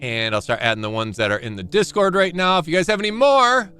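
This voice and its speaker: A man chatting casually on a live stream, rambling and self-deprecating, often restarting his sentences and getting excitable. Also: fairly high pitch, quick pace, clear, resonant tone, faint music behind.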